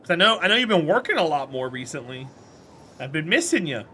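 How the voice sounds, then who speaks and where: A man's voice: a little high, sing-song, fairly quick, pushed and bright, slight background noise. A man streaming a game and chatting casually with his viewers, friendly and talkative, answering chat by name and laughing often.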